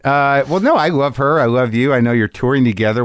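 A man's voice: medium pitch, smooth, no echo, studio quality. Wry middle-aged man hosting a chat. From New Jersey. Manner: wry, needling, halting restarts. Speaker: podcast host. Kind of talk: casual interview chat. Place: garage studio.

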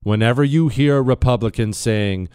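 In an opinion monologue, a male talk show host uses a smooth, resonant, medium-pitched voice at normal speed, close to a studio mic in a dry, echo-free recording. His sarcasm is emphatic, lurching from mock glee to flat scorn.

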